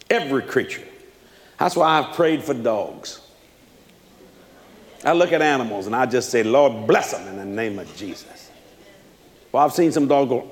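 A male preacher giving an animated, playful sermon, swinging between loud emphasis and hushed asides. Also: medium pitch. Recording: long reverb of a large hall.

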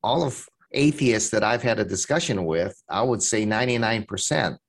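A man hosting a podcast, affirming his guest and asking measured follow-up questions. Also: lowish voice. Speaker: podcast host. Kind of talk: interview questions.

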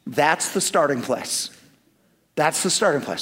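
A middle-aged man preaching a sermon, telling personal stories with lively swings from loud emphasis to hushed asides. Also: fairly high pitch, a little slow. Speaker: pastor.

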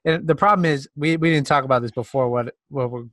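A man's voice: medium pitch, fast talker, a bit bright, no echo. A man co-hosting a podcast, laid-back and reading out a ranking list in casual chat. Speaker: podcast co-host.

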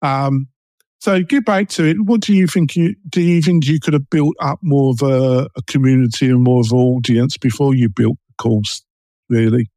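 A man's voice: medium pitch, fairly even intonation, normal speed, mellow, dry recording. A man with an East London and Essex English accent hosting a casual podcast interview, chatty and full of ums and self-interruptions. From England. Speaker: podcast host.

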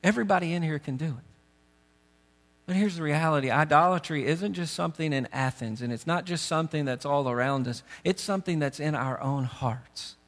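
Male pastor, earnest and urgent, slightly high voice, sermon with a ringing hall. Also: a little fast, a bit bright. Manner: earnest, urgent preaching with direct questions to the congregation. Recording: long reverb of a big hall.

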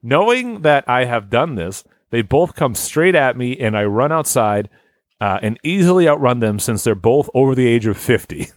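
A man's voice: mid-range voice, sing-song, moderate pace, no room sound. A man hosting a podcast, reading a listener's story aloud in casual chat, often breaking into laughter and stumbling over words.

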